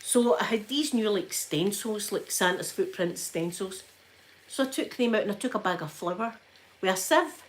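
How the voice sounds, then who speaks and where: Chatty Glaswegian woman, soft spoken. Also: medium pitch, lively intonation, normal speed, slight background noise. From Scotland. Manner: chatty storytelling with frequent laughs and soft asides. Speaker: ASMR livestream host. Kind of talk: casual chat.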